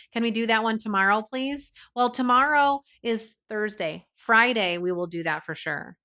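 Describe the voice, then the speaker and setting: A woman's voice: mid-range voice, a bit bright. Chatty woman hosting a livestream. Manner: chatty, reads out viewer names and comments, laughs often. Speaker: livestream host. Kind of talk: casual livestream chat with viewers.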